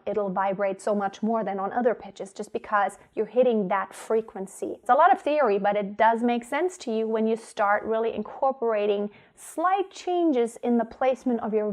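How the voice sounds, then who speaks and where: A woman teaching singing, explaining vocal technique clearly and stopping to demonstrate tones. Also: on the high side, a little mellow.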